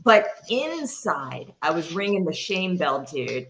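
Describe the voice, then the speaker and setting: A woman's voice: fairly low pitch, very animated, slow pace, fairly bright tone, slight background noise. A middle-aged woman hosting a candid chat, blunt and self-mocking, swearing freely. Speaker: podcast host.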